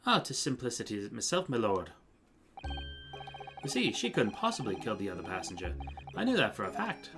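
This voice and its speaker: A charming, sly gentleman with a soft Irish lilt and courtly manners, as a man puts him on while reading a game aloud. He speaks low and easy. Game music sits clearly behind him. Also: huge pitch swings, moderate pace, long pauses. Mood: suave.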